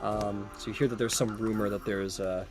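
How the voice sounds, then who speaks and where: A man narrating a tabletop game as game master, relaxed and heavy with fillers. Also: on the low side, a little fast, music in the background.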